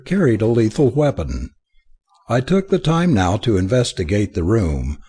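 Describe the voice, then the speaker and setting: A man reads an adventure audiobook in the first person with a theatrical flair. His voice is husky, and his pitch swings widely, rising and falling to carry the drama of each line. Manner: expressive, theatrical reading. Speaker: audiobook narrator.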